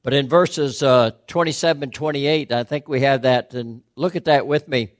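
A man's voice: mid-range voice, normal speed, no echo. A middle-aged man delivers a sermon in a mid-range voice. He presses his listeners with earnest questions and swells into emphatic declarations. The sound is dry and close. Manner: earnest questioning preaching, rising to emphatic peaks. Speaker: pastor.

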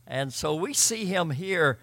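A man preaching a sermon, emphatic, swinging between loud and quiet and often repeating words. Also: on the high side, expressive, slow. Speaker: pastor.

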